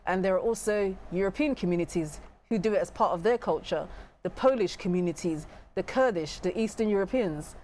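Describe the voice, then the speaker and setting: A woman's voice: mid-range voice, fairly quick, few pauses, a little mellow, slight background noise. A woman guest on a broadcast talk show, explaining earnestly and often restarting her sentences. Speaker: studio guest.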